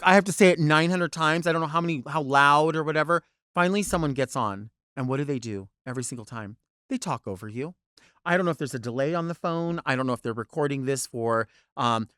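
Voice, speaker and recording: A man's voice: on the high side, a bit bright, no room sound, clean studio sound. A man hosting a podcast, telling a long exasperated story and acting out both sides of it. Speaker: podcast host, drag performer. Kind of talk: animated storytelling rant.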